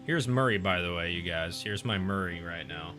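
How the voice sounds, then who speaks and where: A man's voice: low-pitched, normal speed, music in the background. A man hosting a stream, chatting casually and rambling with many restarts while reading chat aloud. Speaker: streamer and host.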